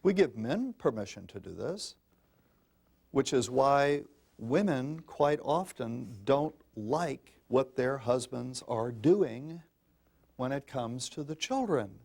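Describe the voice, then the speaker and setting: Older guy giving a parenting talk, gravelly voice, really animated up and down, folksy and pushy. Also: mid-range voice, slow. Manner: emphatic, folksy, addresses listeners as folks. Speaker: parenting speaker. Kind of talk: public talk to an audience.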